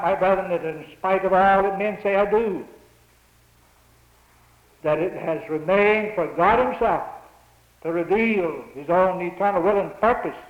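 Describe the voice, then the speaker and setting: High-voiced preacher in an echoey church. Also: male voice. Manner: rising emphatic preaching cadence with repeated phrases. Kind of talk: sermon. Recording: muffled roomy old church recording.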